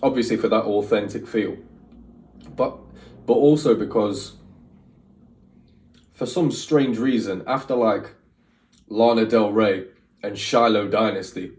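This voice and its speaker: With a fairly low, darkish voice, a man hosting a reaction video talks a little slowly and pauses often. He rambles casually, sharing opinions with many fillers, while a distant mic picks up roomy echo and faint music.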